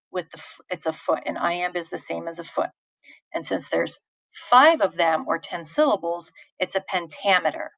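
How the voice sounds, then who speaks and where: A woman's voice: mid-range voice, pushed and bright, no room sound, poor audio. A woman teacher giving a live online poetry lesson, answering chat questions in a patient, informal way with fillers and restarts.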